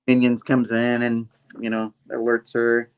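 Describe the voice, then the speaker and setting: A man's voice: mid-range voice, monotone, measured pace, smooth. A man hosting a casual comic book review, retelling the story playfully with sound effects. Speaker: host.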